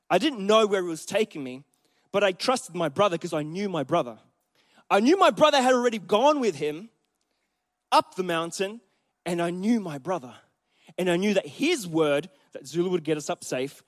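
A man with a high-pitched voice preaches a sermon in a church, animatedly telling a story and addressing the congregation directly.

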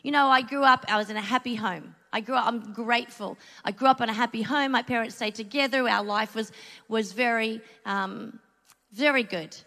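A woman's voice: a little high, steady tone, moderate pace, pushed and bright. A middle-aged Australian woman giving a sermon, telling a personal story in a chatty, earnest way with asides. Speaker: church speaker. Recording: long hall reverb.

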